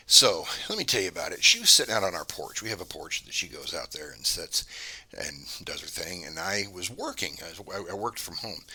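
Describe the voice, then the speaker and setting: A man's voice: low-pitched, pushed and bright, slightly rough. A man, the host of his own channel, telling a story to camera in a casual, meandering way with frequent restarts. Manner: meandering, conversational, many restarts.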